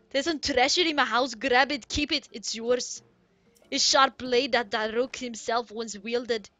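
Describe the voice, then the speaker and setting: A woman reading game lines as a boisterous male rock-creature miner, putting on a loud, mock-gruff attempt at an Irish accent. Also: a little high, slow pace, pauses often, dry recording. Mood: hearty. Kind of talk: reading game dialogue aloud in a put-on voice.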